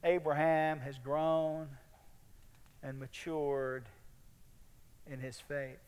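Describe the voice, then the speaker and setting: A man preaches an earnest sermon very slowly and with a flat delivery, his fairly high voice smooth and clear. The ends of his phrases often fade gently, and a long reverb fills the space like a big hall.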